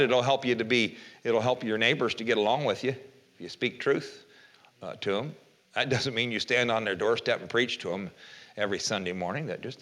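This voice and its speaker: A man's voice: medium pitch, bright, forceful tone. Older man preaching a folksy sermon. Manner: folksy preaching, reads scripture aloud with rhetorical questions. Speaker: pastor.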